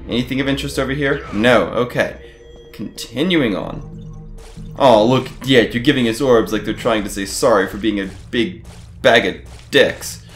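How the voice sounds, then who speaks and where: A man hosting a let's play, giving gaming commentary, swearing often and getting animated and frustrated at the game. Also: mid-range voice, moderate pace, reverberant, faint music behind.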